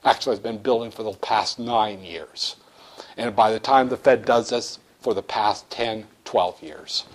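A male economics instructor lecturing in an animated, blunt way, with jokey asides. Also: fairly low pitch, a little slow. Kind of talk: lecture with acted-out role-play.

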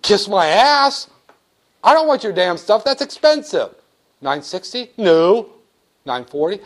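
A man's voice: sits high, sing-song, moderate pace, pitched above the performer's own voice. A man voicing a rude male banker who haggles sarcastically and curses. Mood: haggling. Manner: brash, sarcastic, cursing.

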